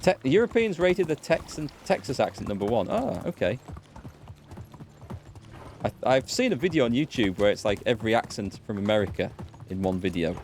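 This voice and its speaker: A man's voice: medium pitch, sing-song, brisk, a little mellow, a little hiss or hum. A British man streaming a game, chatting casually, answering his chat and laughing easily. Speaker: let's play gamer and streamer. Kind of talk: casual live-stream commentary.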